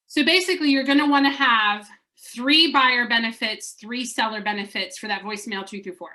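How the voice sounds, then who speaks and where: A woman's voice: fairly high pitch, pushed and bright. A woman coaching real estate agents in an upbeat, chatty way, acting out sample voicemails as she teaches.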